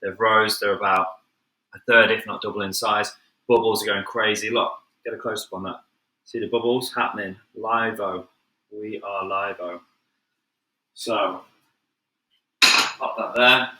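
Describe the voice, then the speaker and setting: A professional chef from Manchester, England, with a Mancunian accent chats casually during a live cooking stream from his home kitchen, calling viewers "guys" as he moves around. His voice is lowish, steady, pushed and bright, at a moderate pace with frequent pauses. He's chatty and upbeat, and the rough recording sounds echoey.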